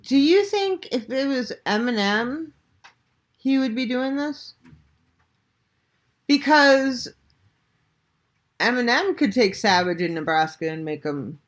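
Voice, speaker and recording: Slow-talking blunt woman reaction host. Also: a little high, animated. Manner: blunt, profane, rhetorical questions. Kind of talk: casual reaction commentary.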